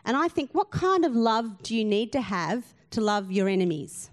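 A woman's voice: on the high side, sing-song, moderate pace. A woman pastor, giving an earnest sermon full of rhetorical questions and emphatic repetition.

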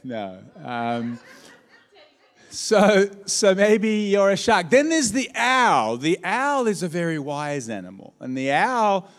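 A male pastor delivers an animated, story-driven sermon in a church auditorium, his fairly high voice rising and dropping as he talks straight to the congregation. A long hall reverb trails after every phrase from the stage microphone. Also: slow pace. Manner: animated storytelling with audience call-outs.

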